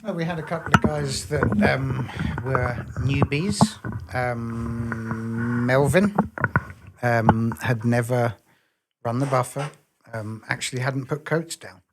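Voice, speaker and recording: Guy on a podcast talking plainly, lots of ums, mid pitch. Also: fairly even intonation, slow, heavy background noise. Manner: plain and reassuring, many ums. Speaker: podcast guest, trainer. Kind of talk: casual podcast conversation.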